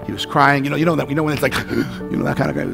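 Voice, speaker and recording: Animated man preaching a sermon. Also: on the high side, very fast, gravelly, music in the background. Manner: animated storytelling, acts out panicked shouts and dialogue. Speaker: pastor.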